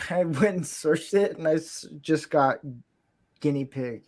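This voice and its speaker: A man's voice: on the high side, slow pace, a little mellow. A man hosting a casual chat. He rambles, chuckles often and makes fun of himself. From Florida, USA. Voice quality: rambling, chuckling, self-deprecating.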